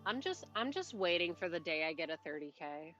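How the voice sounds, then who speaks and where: A woman game streamer rambles to her chat with a bright, sharp-edged voice, breaking off mid-thought and laughing under her breath. The mic sounds dull and lo-fi, and soft game music plays faintly underneath. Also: fairly low pitch, big pitch swings, brisk. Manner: rambling, self-interrupting, chatty with little laughs. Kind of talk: casual live-stream chat while playing.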